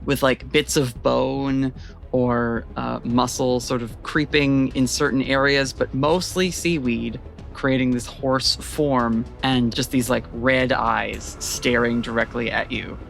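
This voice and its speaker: A man's voice: medium pitch, steady tone, slow, creaky, a bit bright, faint music behind. A man narrating a tabletop role-playing game as game master, describing scenes in a rambling way with frequent fillers.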